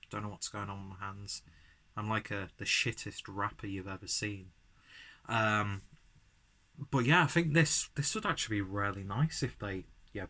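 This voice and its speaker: A man's voice: lowish voice, bright, forceful tone. Tipsy man rambling about beer. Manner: rambling, self-deprecating, slightly tipsy. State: slightly buzzed from beer. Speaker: beer reviewer. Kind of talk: casual beer review vlog. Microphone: camera mic, framed from chest up.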